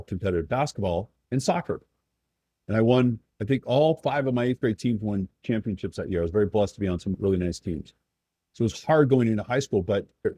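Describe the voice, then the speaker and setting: A man's voice: medium pitch, warm tone, no room sound. Earnest man giving coaching advice. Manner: earnest, acts out players' and coaches' quotes. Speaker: guest coach.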